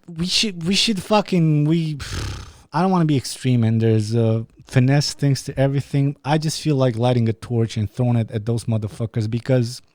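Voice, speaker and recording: A man with a Romanian accent rants into his podcast mic, swearing hard and breaking off to restart his sentences. His voice sits in a middle pitch, warm and dark in tone. The room sounds dry and close. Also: no room sound. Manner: ranting, heavy swearing, frequent restarts. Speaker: podcast host. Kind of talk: angry profane monologue.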